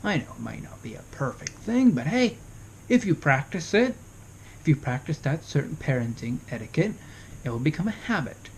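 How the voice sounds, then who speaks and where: A man's voice: a little high, very animated, moderate pace, slight background noise. A young man in his early twenties talking casually to camera, giving parenting advice and asking rhetorical questions. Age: young adult. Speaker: vlogger.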